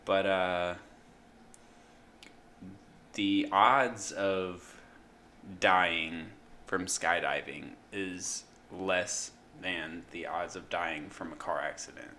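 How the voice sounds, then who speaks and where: Young man, podcast co-host, slow unhurried talk, faint hiss behind. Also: sits low, steady tone, bright, forceful tone. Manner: slow, hesitant delivery with fillers. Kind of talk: casual chat.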